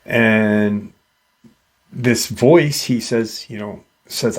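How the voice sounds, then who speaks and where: A man hosting a paranormal channel, retelling a witness's encounter in a halting way, with many fillers and restarts. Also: on the low side.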